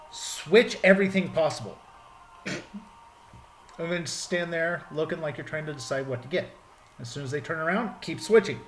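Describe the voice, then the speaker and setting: A man with a slightly raised voice tells jokey stories in a casual chat. There is faint hiss behind him, and his delivery stays loose and playful. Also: a little high.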